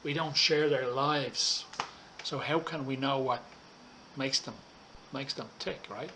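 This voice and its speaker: A man teaching an English lesson online, talking students through slides in a slow, deliberate way and checking in with frequent "okay"s. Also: mid-range voice, steady tone, sharp tone, slight background noise. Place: Thailand.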